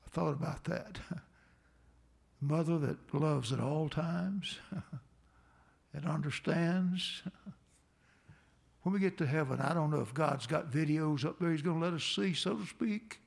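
Older male pastor, slightly high gravelly voice, earnest heartfelt sermon delivery. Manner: earnest storytelling, slow and heartfelt. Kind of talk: sermon with prayer.

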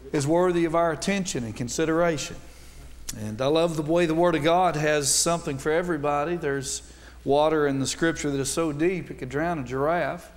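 Folksy North Alabama preacher, ringing hall. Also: male voice, on the high side. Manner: folksy, joking asides. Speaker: visiting Baptist preacher. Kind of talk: sermon. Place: church sanctuary.

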